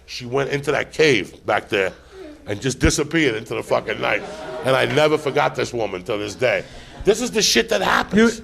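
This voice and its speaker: A man with a heavily gravelled, rough voice hosts a live podcast. He tells a profane comic story, excitable and hurtling into the punchlines. His pitch sits mid-range. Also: moderate pace. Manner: profane, excitable, acts out every line. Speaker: podcast host.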